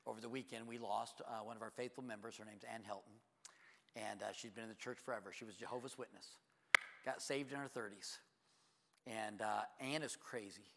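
A man preaching a sermon as a pastor, telling stories in an animated way and jumping to loud, high exclamations. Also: fairly quick, vocal fry, long reverb tail, background noise.

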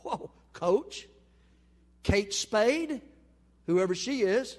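A male pastor preaching a sermon, telling a story and acting out the dialogue, swinging between loud and quiet. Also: high-pitched, expressive, takes it slowly, pauses often. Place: church sanctuary. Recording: long hall reverb.

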